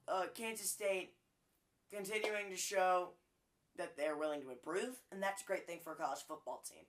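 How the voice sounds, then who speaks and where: A man's voice: fairly high pitch, a bit bright. Casting note: casual male sports host, jokey and chatty, lots of "you know". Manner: chatty, jokey, frequent fillers.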